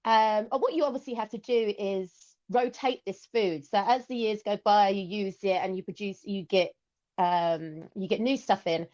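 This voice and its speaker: A woman's voice: mid-range voice, normal speed, darkish tone. English woman, podcast guest, chatty, slightly dull lo-fi sound. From England. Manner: chatty, explains with lots of okays and ums. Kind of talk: casual podcast chat.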